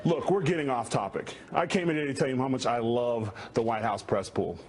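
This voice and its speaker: A man's voice: medium pitch, brisk, a little mellow. Brash jokey man with background noise. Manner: brash, jokey, mock-serious. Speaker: talk show panelist. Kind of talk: comedy sketch bit and panel chat. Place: television studio.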